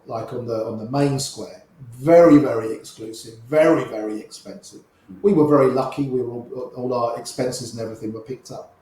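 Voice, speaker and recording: A man's voice: mid-range voice, mellow, very echoey, rough recording. A middle-aged man telling chatty, wry anecdotes as a guest in an interview, often repeating himself mid-story. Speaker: interview guest, poker player.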